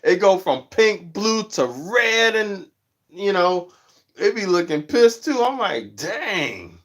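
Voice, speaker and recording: Slangy man chatting on a livestream. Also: takes it slowly. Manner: animated storytelling, jumps high when quoting others; slangy, says "you know what I'm saying" often. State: stuffy nose from allergies. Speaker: livestream host. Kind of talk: casual livestream chat.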